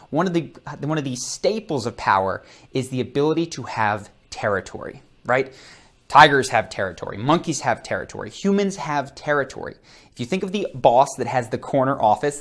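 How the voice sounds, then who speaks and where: An energetic male coach teaching straight to camera, his voice in a middle range. He demonstrates as he talks and shifts his tone and rhythm to make each point. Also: mid-range voice. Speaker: charisma and body-language coach. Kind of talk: on-camera instructional talk. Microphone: close camera framing, seated.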